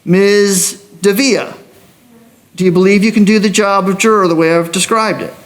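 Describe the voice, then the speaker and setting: A man serving as a judge in a courtroom, explaining jury duty to prospective jurors in a measured, explanatory manner. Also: high-pitched, steady tone.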